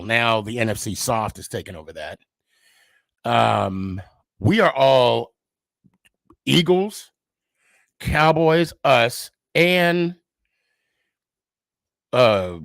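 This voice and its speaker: A man's voice: medium pitch, creaky, fairly bright tone, no room sound. A man hosting a podcast, telling a casual, rambling and profane story as a frustrated sports fan who pokes fun at himself. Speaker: podcast host.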